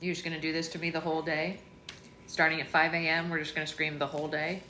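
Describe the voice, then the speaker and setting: A woman's voice: low-pitched, level tone, fast talker, sharp tone. A woman hosting a casual livestream read-along at home, chatting and laughing while talking to her baby and to viewers. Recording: roomy with noisy background.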